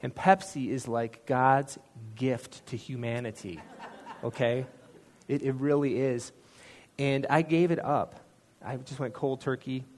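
A man's voice: mid-range voice, steady tone, unhurried, a little mellow. A man giving a personal testimony in a sermon, telling the story in an earnest, conversational way with self-deprecating asides. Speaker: church speaker sharing a testimony.

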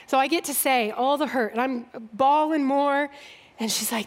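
A woman's voice: high voice, normal speed. A woman giving a humorous, self-deprecating personal testimony to a group, laughing often and acting out both sides of conversations. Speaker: speaker sharing testimony.

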